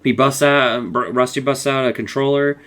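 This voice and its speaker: A man's voice: medium pitch, fairly even intonation, moderate pace, a bit bright. A man casually recapping a cartoon episode, rambling and acting out the characters' lines, laughing often.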